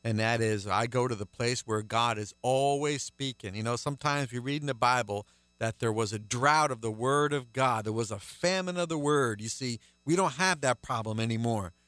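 A man preaching a radio sermon as host, emphatic and swinging between loud declarations and hushed asides. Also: mid-range voice, moderate pace.

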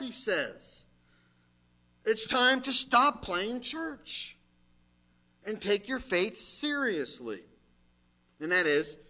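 Male pastor, middle-aged, emphatic sermon, high voice, bright tone, unhurried delivery. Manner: emphatic preaching, rising to shouted exhortations.

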